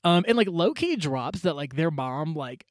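A man's voice: a little high, animated, normal speed, dry recording, clean studio sound. A young man co-hosting a casual book chat, slangy and profane, full of "like" fillers. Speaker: co-host.

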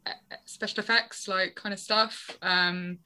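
A woman guest on a podcast, a tattoo artist, talking casually in an expressive way with lots of "like" and hedging. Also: medium pitch, a little slow. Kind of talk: casual chat.

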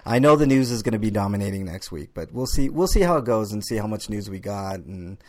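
A man's voice: lowish voice, lively intonation, fast. Joking casual podcast host, a man. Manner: loose, joking, swears freely, laughs often.

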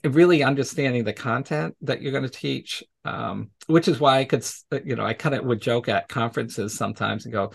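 A man's voice: mid-range voice, fairly quick, creaky, few pauses, slightly rough. A man as an interview guest, casually telling stories from his teaching work, acting out the voices of people he quotes and laughing often. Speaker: podcast guest, educator.

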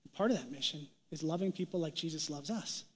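A man's voice: fairly high pitch, fast, husky. A young adult man preaching a casual, joking sermon as a pastor, acting out quoted voices as he goes. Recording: long hall reverb.

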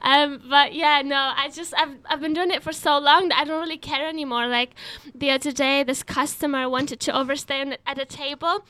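A woman's voice: sits high, steady tone, a little fast, few pauses, bright, forceful tone. A woman with a foreign accent, telling self-mocking stories with laughter as a guest on a chat show. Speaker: comedian guest. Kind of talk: casual chat, anecdotes.

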